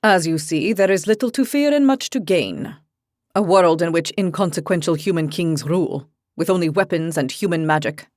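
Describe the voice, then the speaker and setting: A woman's voice: on the low side, expressive, moderate pace, a little mellow, no echo, clean studio sound, natural voice. A woman voicing proud male dragon kings in a haughty, assured manner. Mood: scornful.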